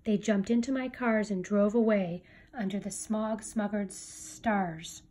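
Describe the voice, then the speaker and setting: Breathy woman reading a rhyming storybook. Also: mid-range voice, fairly even intonation, moderate pace, warm tone. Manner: rhythmic rhyming storybook delivery. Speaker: reader. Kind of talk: reading a picture book aloud.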